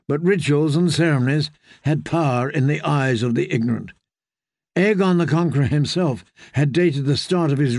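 Male audiobook narrator, measured delivery, gravelly texture, dry sound. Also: fairly high pitch, no room sound. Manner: measured, even storytelling.

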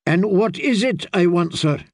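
A man's voice: high voice, expressive, unhurried, dry recording, pitched above the performer's own voice, heavily acted. A man reading an audiobook, voicing a proud young princess who speaks persuasively and soothingly. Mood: determined.

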